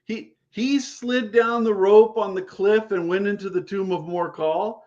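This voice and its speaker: A man with a high voice makes blunt, emphatic points in casual panel talk and often repeats himself. His voice comes through a video call with a dull, lo-fi sound. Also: fairly even intonation, measured pace, darkish tone. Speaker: game master panelist.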